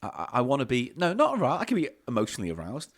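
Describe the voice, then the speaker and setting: A man hosting a comedy podcast, chatting in an animated, teasing way. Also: medium pitch, very fast. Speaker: podcast host. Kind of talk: casual comic chat.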